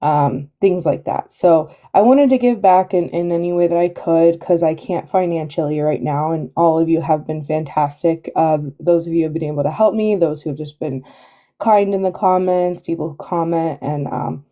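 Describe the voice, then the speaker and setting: Soft-spoken woman with a dark tone. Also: low-pitched, moderate pace. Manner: hesitant, with many fillers and restarts. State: has a headache. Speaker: guest caller. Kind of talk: casual live-stream chat.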